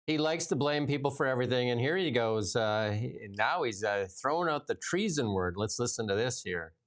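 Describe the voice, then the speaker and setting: A man co-hosting a political talk show, speaking bluntly and haltingly. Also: mid-range voice, expressive. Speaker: political commentary co-host. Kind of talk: opinionated political chat.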